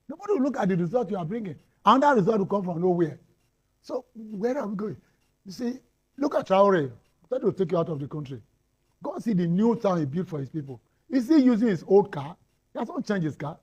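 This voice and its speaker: A Nigerian panel guest with a high, husky voice speaks briskly, his pitch swinging widely. In a heated debate he fires rhetorical questions and repeats lines to drive his point home. The audio sounds dull.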